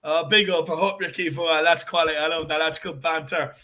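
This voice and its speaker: A man with an Irish accent co-hosting a fan show, chatting casually and reading out viewer comments with shout-outs. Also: a little high, steady tone, brisk. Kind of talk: casual live-stream chat.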